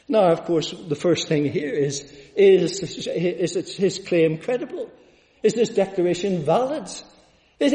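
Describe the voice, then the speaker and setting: A man's voice: high voice, mellow. A man preaching a sermon, talking conversationally with rhetorical questions and chuckles. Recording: echoey hall with long reverb.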